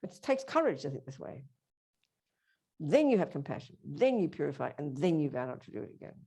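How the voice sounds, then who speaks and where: Animated, emphatic woman teaching a workshop. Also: low voice, fairly quick, vocal fry, breathy edge. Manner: emphatic, direct, addresses audience. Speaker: Buddhist teacher.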